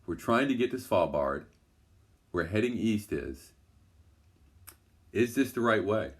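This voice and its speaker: A man's voice: on the low side, expressive, slow pace. A man voicing a brave young girl adventurer in a storybook, speaking in a determined, earnest way.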